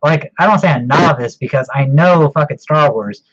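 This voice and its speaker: A man's voice: fairly high pitch, normal speed, a bit bright. A man co-hosting a casual podcast chat, rambling and swearing freely, laughing often as he talks. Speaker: podcast co-host. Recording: dull lo-fi audio.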